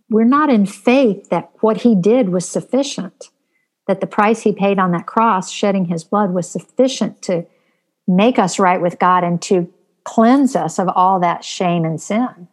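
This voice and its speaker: A woman's voice: mid-range voice, unhurried. A woman co-hosting a Christian talk show, speaking earnestly about faith with frequent ums. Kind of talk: casual faith discussion.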